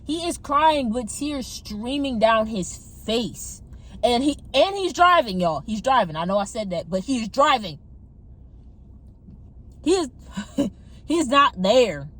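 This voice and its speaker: Animated woman telling a testimony. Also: a little high, slow pace, long pauses. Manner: animated, addresses viewers as y'all. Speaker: testimony vlogger. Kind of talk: casual storytelling testimony. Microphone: phone camera.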